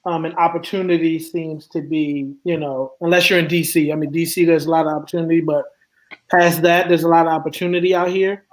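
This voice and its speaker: Man from the East Coast, fairly high voice, relaxed and slangy, casual roundtable chat. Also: brisk, rough recording. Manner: laid-back, slangy, rambling. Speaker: roundtable guest.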